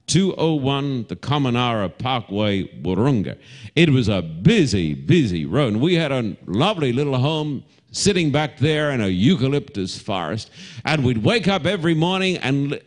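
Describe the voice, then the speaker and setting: An Australian pastor in middle age preaches to a congregation, his pitch swinging widely from high to low. He delivers the sermon with animation and mixes homely stories and gentle humor into it. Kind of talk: televised sermon to a live congregation.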